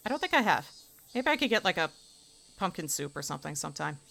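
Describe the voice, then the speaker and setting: Chatty woman streamer, low voice. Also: very animated, fast talker, vocal fry, bright, forceful tone, a little hiss or hum. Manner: rambling, chatty asides. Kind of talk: casual commentary while reading a visual novel aloud.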